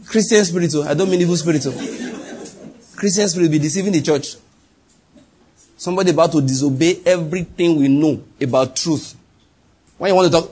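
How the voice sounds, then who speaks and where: A middle-aged man, preaching an animated sermon with sudden leaps in pitch and acted-out dialogue. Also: breathy edge. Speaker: pastor.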